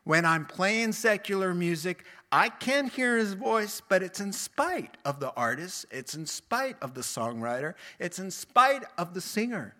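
Bright slow-paced male preacher. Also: sits high. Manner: animated storytelling with acted quotes and laughs. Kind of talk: sermon.

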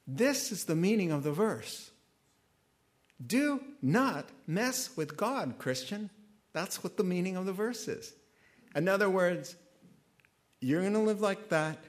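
A man preaching a sermon in a conversational style, animated and then suddenly quiet. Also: sits high, slow, long pauses. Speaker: pastor.

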